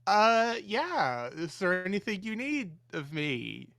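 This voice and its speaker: A man plays a jittery young assistant to a high priest in a tabletop game, tripping over his own words. The voice is smooth and clear. The recording is dry and close. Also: unhurried, a bit bright, no echo, lightly acted. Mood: flustered. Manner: hesitant, stumbling with many "uh"s. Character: nervous young male assistant priest, flustered.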